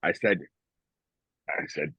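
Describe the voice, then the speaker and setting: A man's voice: slow, bright, forceful tone, no echo, poor audio. A middle-aged man co-hosting a podcast, rambling with many restarts as he talks proudly about his son. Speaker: podcast co-host. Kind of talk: casual motivational chat.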